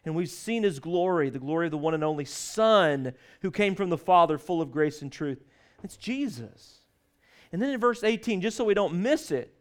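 A man preaching a sermon, stressing scripture lines slowly and leading the congregation to repeat after him. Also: fairly high pitch, clear, resonant tone. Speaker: pastor.

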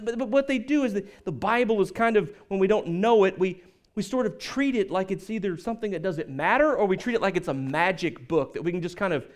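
A man preaching a sermon to his congregation in a conversational way, with asides and quoted lines. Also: high-pitched. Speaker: pastor. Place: church sanctuary.

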